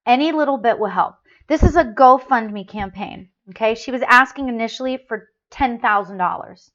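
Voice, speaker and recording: Woman, talk show host, slightly high voice, chatty and emotional, dull lo-fi recording. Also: normal speed, fairly bright tone. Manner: chatty, emotional, laughs often, many restarts. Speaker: host of a spiritual call-in show. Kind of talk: casual talk show monologue, reading a story aloud. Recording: dull lo-fi sound.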